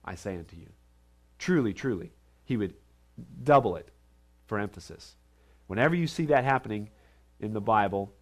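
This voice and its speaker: A male pastor preaching a sermon, reading scripture aloud and then explaining it, with emphatic rises and soft asides. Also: on the low side. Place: church.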